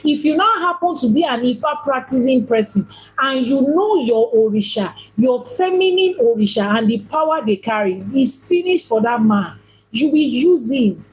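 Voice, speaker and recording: A woman's voice: sits high, animated, moderate pace, husky, rough recording. A woman giving a spiritual teaching talk as an Ifá priestess, emphatic and repeating phrases for stress.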